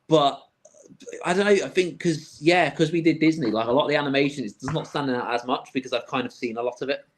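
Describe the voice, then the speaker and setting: A man's voice: medium pitch, fast, a little hiss or hum. A man, co-hosting a casual film podcast and rambling as he thinks aloud. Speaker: podcast co-host. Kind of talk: casual film-review chat.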